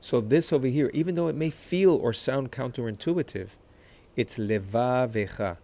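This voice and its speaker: A man teaching how to read and stress words, explaining patiently, repeating words slowly, and clearing his throat often after a recent illness. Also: medium pitch, animated, mellow. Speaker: Hebrew reading teacher. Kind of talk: explanatory lesson, screen-sharing.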